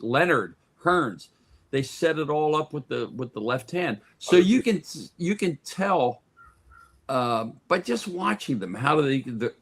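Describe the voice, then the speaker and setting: A man's voice: medium pitch, a bit bright, husky. A man who is a guest on a sports talk radio show, telling stories in a casual chat and often restarting and repeating words.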